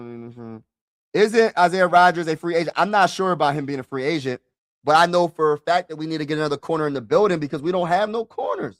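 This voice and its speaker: A man's voice: fairly high pitch, no room sound. A man hosting a casual live-stream football mock draft, talking straight to his viewers and swinging between frustrated outbursts and mutters, with lots of "bro" and "y'all". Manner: talks straight to viewers, repeats himself, uses "bro" and "y'all".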